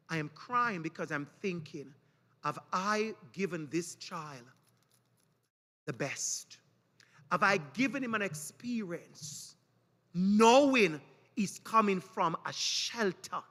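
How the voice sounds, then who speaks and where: A Caribbean man with a high, bright, ringing voice gives a preaching-style keynote in a large hall. He tells his stories with animated energy and slips into the voices of the people in them. The long reverb of the hall trails after his words. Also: takes it slowly. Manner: animated storytelling with acted quotes. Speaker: conference speaker. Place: conference hall.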